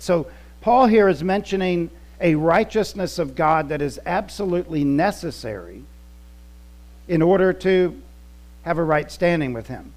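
A man's voice: on the high side, expressive, unhurried, darkish tone. A male pastor delivering a conversational teaching sermon, repeating words for emphasis.

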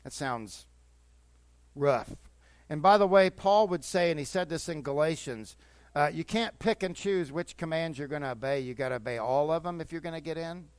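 Older preacher guy, kinda high voice, chatty then fired up, dry close sound. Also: normal speed, clean tone, no room sound. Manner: conversational preaching, rising to fervent exhortation. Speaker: pastor. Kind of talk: sermon. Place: church.

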